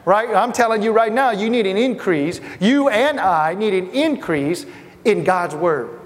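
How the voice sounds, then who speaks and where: A man's voice: sits high, animated, a little slow. A middle-aged man from Asia preaching a sermon in a conversational way, speaking directly to the congregation. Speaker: pastor. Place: church hall. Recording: long hall reverb.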